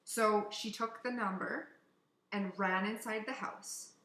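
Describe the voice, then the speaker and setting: A woman co-hosting a casual podcast from Canada, telling a story in an animated way, swearing and acting out what people said. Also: medium pitch, slow. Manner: animated, swearing, acts out quotes. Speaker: podcast co-host. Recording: echoey room.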